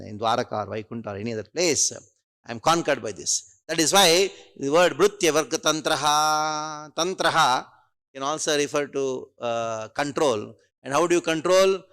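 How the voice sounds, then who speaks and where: Animated man teaching scripture. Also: medium pitch. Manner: animated, acts out quotes, frequent throat-clearing. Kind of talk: devotional lecture with storytelling. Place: temple hall.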